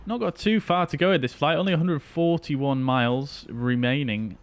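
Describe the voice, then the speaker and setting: This is casual live-stream commentary from a man playing a flight simulator who talks to chat while flying. His voice is a little high, and he speaks at a moderate pace.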